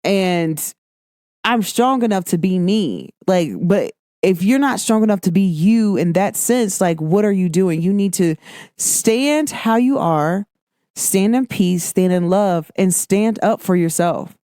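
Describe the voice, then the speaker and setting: A woman hosts a casual talk show and talks in a lively, emphatic way. She slips into a higher voice when she acts out what people said to her. The sound is dry and close, with no room echo. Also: measured pace. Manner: animated, emphatic, acts out quoted exchanges in a higher voice. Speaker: podcast host. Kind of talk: casual monologue.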